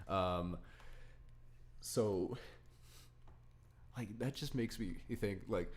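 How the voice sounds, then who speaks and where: A man's voice: fairly low pitch, drawn-out words, a little mellow. A young man hosting a casual podcast chat, rambling with lots of likes and frequent laughter. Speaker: podcast host.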